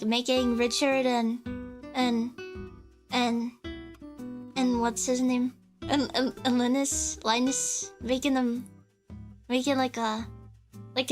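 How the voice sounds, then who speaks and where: A woman's voice: high-pitched, a bit bright. A young woman from the United States streaming a casual chat, rambling and giggly, often cutting herself off mid-sentence. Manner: rambling, giggly, self-interrupting.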